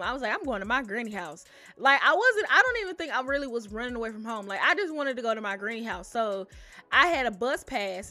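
Bright-voiced young woman telling stories. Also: a little high, no echo. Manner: animated, addresses listeners as y'all. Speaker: storyteller. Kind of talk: casual storytelling to camera.

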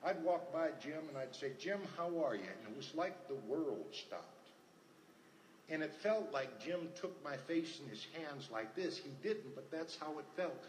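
Older guy sharing his story at a meeting, kinda high voice, roomy hall with a faint hum. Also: expressive, unhurried. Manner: earnest storytelling, repeats phrases. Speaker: recovery meeting speaker. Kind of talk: personal testimony talk. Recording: echoey hall, faint ambience.

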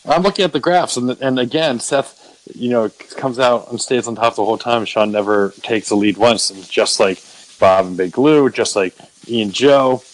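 A man's voice: medium pitch, moderate pace, low-quality recording. A man hosting a casual podcast recap, swearing often and mocking himself as he rambles with restarts. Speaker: podcast host.

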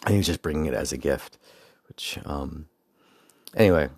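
Deep-voiced man rambling casually. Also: normal speed, a little mellow, breathy edge, no room sound, clean studio sound. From United States. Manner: rambling, with many fillers and digressions. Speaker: speaker recounting a personal story. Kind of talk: casual storytelling monologue.

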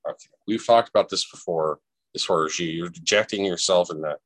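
A man's voice: low voice, a little fast, fairly bright tone, dry recording. A man hosting a casual podcast chat, giving blunt advice to his co-host.

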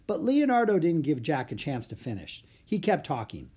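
A narrator reading a children's storybook aloud in an expressive way. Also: mid-range voice, normal speed, hardly any pauses, breathy edge.

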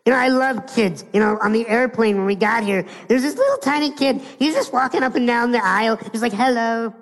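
A motivational speaker from the United States giving an animated live keynote, asking his audience rhetorical questions and acting out little scenes. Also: very high voice, fairly quick, gravelly, long reverb tail, rough recording.

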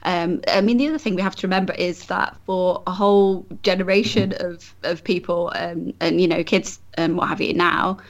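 A woman's voice: lowish voice, fairly even intonation, moderate pace, hardly any pauses. A woman photographer talking as a guest in a casual podcast conversation, chatty and friendly, with many fillers and restarts.

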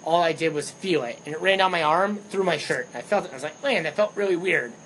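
Young male podcast co-host, slightly higher voice, lively candid storyteller, faint hiss behind. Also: quick pace, rough recording. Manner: animated storyteller, swears freely. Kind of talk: casual chat.

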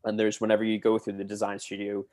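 Lowish in pitch and quick with his words, this twenty-something podcast guest used to be a theme park cast member. His casual anecdotes wander, and he's talkative and lively whenever a story gets going.

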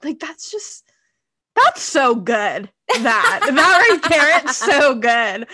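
A young adult woman hosting a podcast interview, eager and quick to laugh as she reacts to her guest. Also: high voice, big pitch swings, pushed and bright. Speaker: podcast host.

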